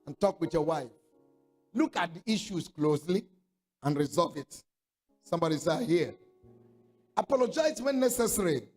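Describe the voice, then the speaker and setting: A man with a notably high voice delivers a sermon, pressing his points with firm, repeated commands. He calls out for the congregation to answer back, and faint music sits quietly behind him. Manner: emphatic, repeats commands, call-and-response. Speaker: preacher.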